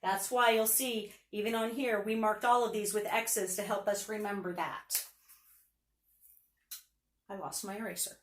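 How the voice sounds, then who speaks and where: A woman's voice: mid-range voice, fairly even intonation, unhurried, pauses often, roomy sound, far from the mic. A woman teacher giving a patient phonics lesson, sounding out letters and words for young students.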